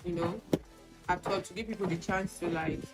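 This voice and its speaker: A woman with a lowish, steady voice chats casually at a moderate pace while getting ready on camera, sharing candid personal stories and acting out what people said to her. She's a beauty vlogger doing a get-ready-with-me video, and the rough recording has music playing behind her.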